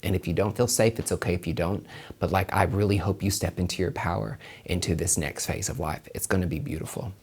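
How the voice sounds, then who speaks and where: This tarot reader's voice is low, a little mellow and slightly rough, with fairly even intonation and a somewhat fast pace. Hosting his solo tarot and numerology podcast, he swears plenty, hammers his points home by repeating them and addresses the listener as honey.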